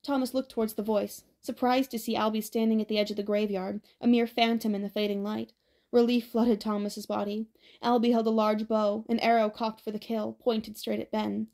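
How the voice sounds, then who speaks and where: Woman narrating an audiobook, higher voice. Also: level tone, normal speed, creaky, warm tone.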